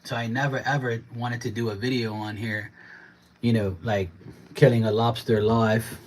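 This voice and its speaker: A man's voice: mid-range voice, little pitch movement, moderate pace, a little hiss or hum. A man livestreaming from his home kitchen, chatting casually and ranting bluntly while he cleans up and preps lobsters. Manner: blunt, ranting, swears freely.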